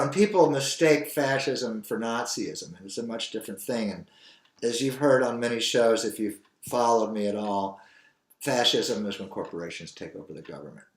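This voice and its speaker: A man's voice: lowish voice, moderate pace. An older man hosting his own show, talking in a rambling, earnest, opinionated monologue. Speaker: show host. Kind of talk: opinionated solo commentary. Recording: echoey room.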